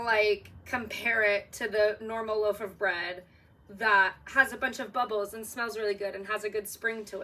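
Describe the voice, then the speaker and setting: A young woman talking casually to a phone camera in her home kitchen, chatty and excitable, often laughing. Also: a little high. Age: young adult. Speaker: vlogger. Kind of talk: casual vlog chat.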